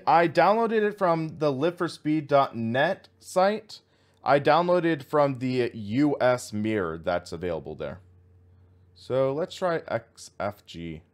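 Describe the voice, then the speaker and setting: A man streaming a racing sim, thinking aloud as he reads out menu items and chats with viewers. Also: mid-range voice. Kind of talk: casual live-stream commentary.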